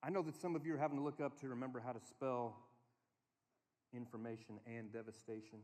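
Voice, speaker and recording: A man preaching to a conference crowd, telling family stories in an animated way and giving the room instructions. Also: medium pitch, fairly quick. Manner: storytelling, animated, quotes his kids in a small voice. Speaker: speaker. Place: large hall. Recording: long hall reverb.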